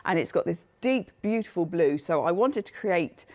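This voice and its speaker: A woman with a hoarse, failing voice, chattily presenting her craft collection on a live shopping show. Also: fairly low pitch, expressive, moderate pace, darkish tone. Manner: chatty, self-deprecating, laughs often. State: coughing, losing her voice.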